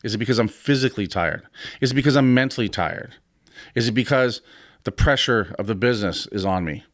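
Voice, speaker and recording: A podcast host in his fifties who owns a gym offers casual motivational advice, speaking bluntly and frankly with the occasional swear word. His fairly low voice comes across briskly and is recorded close and dry, with no room sound.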